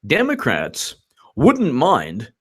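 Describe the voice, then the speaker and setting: A man's voice: medium pitch, huge pitch swings, drawn-out words, husky. A man hosting casual political commentary, rambling and sarcastic, with frequent stumbling restarts and bursts of mocking impressions. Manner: laughs at own jokes, mocking impressions.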